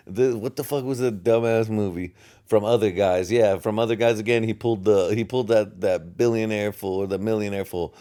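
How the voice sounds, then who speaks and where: A man's voice: lowish voice, fairly quick, dark tone. A young American man hosting a solo podcast, rambling from topic to topic with heavy profanity and chuckles at his own jokes. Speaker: podcast host.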